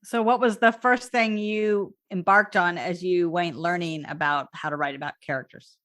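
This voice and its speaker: A woman's voice: fairly low pitch, steady tone, moderate pace, fairly bright tone. Woman host asking curious questions. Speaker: podcast host. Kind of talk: casual interview.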